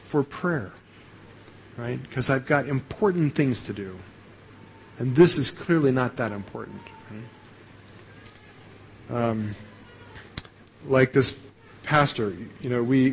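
Husky-voiced male pastor preaching conversationally. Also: fairly high pitch, low-quality recording. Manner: conversational preaching, frequent "right?" tags and repeated starts. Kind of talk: sermon.

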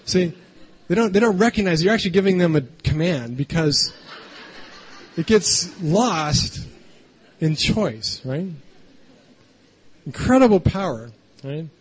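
A man's voice: high-pitched, expressive, measured pace, long pauses, breathy edge. A man preaching a conversational sermon, often checking in with the congregation by asking "right?". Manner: chatty, keeps adding "right?". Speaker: pastor.

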